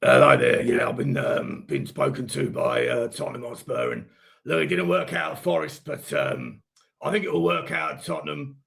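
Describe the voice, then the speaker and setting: A man doing a gravelly, gruff football manager. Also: mid-range voice, animated, a bit bright, voice pushed down. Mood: self-assured. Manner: slow, self-assured, halting with fillers. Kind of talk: comic impression.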